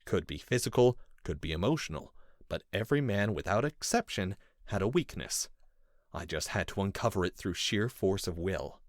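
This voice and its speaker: A man reading a first-person story in measured, intense scripted narration. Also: dry recording, studio quality. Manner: measured and intense, with lively pitch. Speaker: audiobook narrator.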